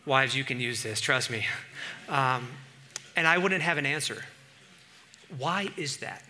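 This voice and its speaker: A middle-aged man preaching a sermon as pastor, animated, swinging from quiet asides to loud bursts. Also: on the high side, slight background noise.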